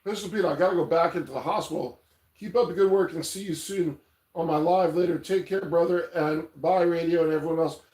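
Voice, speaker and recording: A man's voice: on the high side, steady tone, brisk, darkish tone. Rambling man streaming in an echoey room. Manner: rambling, loose, reads chat aloud, swears casually. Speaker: livestream host. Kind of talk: casual livestream chat. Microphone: tablet mic.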